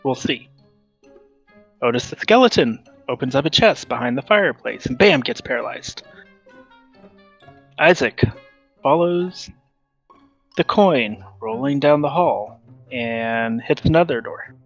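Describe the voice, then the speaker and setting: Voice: medium pitch, lively intonation, measured pace, pauses often, a bit bright. Punchy recap voice with "bam" beats, lo-fi. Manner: punchy, repeats "bam" for effect. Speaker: player giving the recap. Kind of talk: playful session recap. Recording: dull lo-fi audio with faint music.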